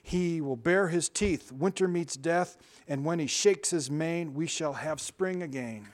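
A man's voice: a little high, lightly acted. A man reading as a hearty old male beaver. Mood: proud, emphatic. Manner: slow, emphatic storybook read-aloud. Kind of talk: reading a storybook aloud.

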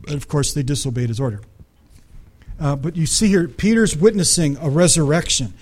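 A man's voice: on the high side, expressive, a little fast, darkish tone. A man preaching a sermon, reading scripture aloud and commenting on it in a conversational way, often checking in with the congregation. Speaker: pastor.

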